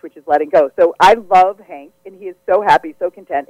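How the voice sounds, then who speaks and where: A woman's voice: lowish voice, fast, dry recording. A woman psychic medium talks through live radio readings in an effusive, giggly, chatty way. Her voice is close and dry on the studio mic. The broadcast sound is slightly dull.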